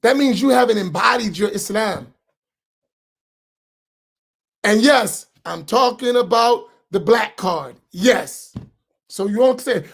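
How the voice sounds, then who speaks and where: A man with an American accent, an imam preaching a sermon with rising shouts and repeated rhetorical questions. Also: high voice, expressive, measured pace, husky. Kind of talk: impassioned sermon.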